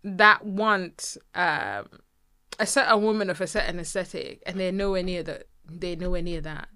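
A woman co-hosting a casual podcast chat, reflective, often repeating words and trailing off softly. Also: lowish voice, moderate pace, clean tone. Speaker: podcast co-host.

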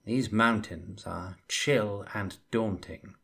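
A man reads as a wary young adventurer, diplomatic and careful with his words, voiced low, slow and husky in the telling. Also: a bit bright, heavily acted.

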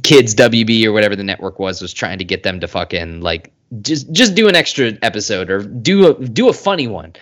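A man's voice: lowish voice, animated, fairly quick, hardly any pauses, fairly bright tone. A man co-hosting a podcast, chatting casually and animatedly, acting out quotes and swearing freely. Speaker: podcast co-host.

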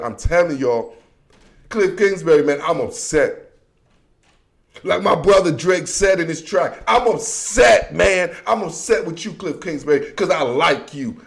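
Guy with a high gravelly voice doing a loose football rant, slangy, jokey, gets loud then mumbles. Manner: animated, slangy, joking, swings between shouting and mumbling. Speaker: football show host. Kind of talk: casual football commentary monologue.

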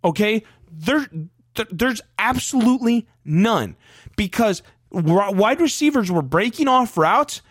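A man's voice: high-pitched, a little slow, no echo, studio quality. A man co-hosting a casual sports podcast, heated and profane as he rants about a loss. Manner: heated, profane, animated ranting. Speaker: podcast co-host.

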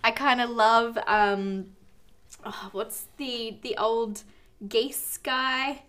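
A woman's voice: fairly high pitch, steady tone, very slow, fairly bright tone. A woman co-hosting a casual movie chat, hesitant with many fillers as she defends the film. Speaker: co-host.

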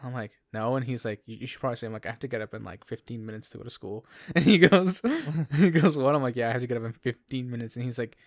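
Give me a young man from Canada chatting on a podcast, mid-pitched, dry and close. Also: quick pace, hardly any pauses, a little mellow, no echo. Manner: rambling storyteller, many restarts, laughs often. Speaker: podcast co-host. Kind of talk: casual chat.

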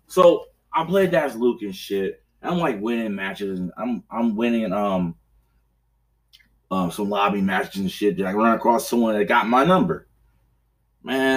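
A man hosting a casual podcast, rambling from one story to the next. He swears freely and laughs often, and loudly acts out his own raging outbursts. His voice sits at an ordinary middle pitch. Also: far from the mic. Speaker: podcast host. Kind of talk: casual chat.

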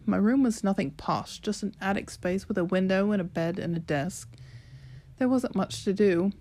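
With a British accent, a woman whose voice is mid-range and dark-toned, at a moderate pace, lightly acts the part of a brash, sarcastic teenage girl telling her own story. The delivery is chatty and cheeky.

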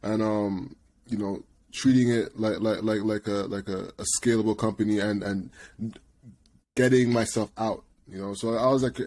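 A man co-hosting a podcast in casual chat. He tells stories with lots of laughter and repeated words, and he acts out quotes loudly. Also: fairly low pitch, steady tone, normal speed. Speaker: podcast co-host.

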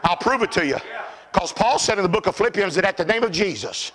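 An older man preaching a fiery revival sermon, shouting high and then dropping to low murmurs. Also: expressive, fast.

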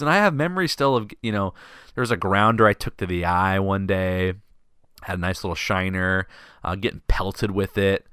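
A man hosting a podcast, telling a story in a casual, animated, self-deprecating way. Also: sits low, brisk, no echo, clean studio sound. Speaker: podcast host.

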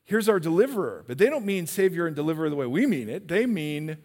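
High-voiced preacher man in a reverberant hall. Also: fast. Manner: animated, engages listeners with questions. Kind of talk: sermon. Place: church.

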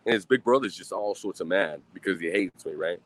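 Man, mid-thirties, low voice, rambling casual vlog talk over beer, swears freely, sighs between thoughts. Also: brisk, a bit bright. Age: 30s. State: drinking beer.

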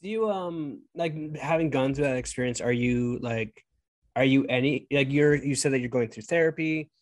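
A man's voice: mid-range voice, normal speed. Casual joking male podcast host. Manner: informal, joking, hesitant with fillers. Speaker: interview host. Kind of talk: casual interview chat.

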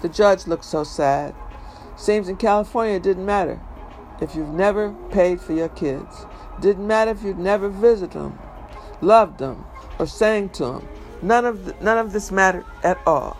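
A man's voice: sits high, normal speed, faint music behind. A man reading a memoir aloud in an emphatic, conversational storytelling manner. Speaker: reader.

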